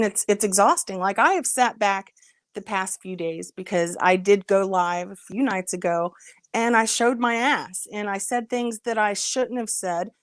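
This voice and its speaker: A woman's voice: medium pitch, dry recording. Frustrated woman chatting on a livestream. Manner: earnest, frustrated, greets chat viewers by name. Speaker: livestream host. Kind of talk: casual livestream chat.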